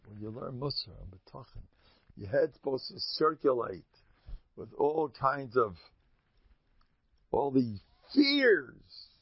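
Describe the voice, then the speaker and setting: A man with a rough, gravelly voice leads a Torah lecture as a rabbi, telling stories and leaping into high, squeaky asides before dropping to low mutters. The recording is dry and close, with a dull, lo-fi tone. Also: big pitch swings, slow pace, pauses often, no echo. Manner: jokey, acts out quotes with sudden high squeaks and mutters. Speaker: rabbi giving a Torah class. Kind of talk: animated Torah lecture with storytelling.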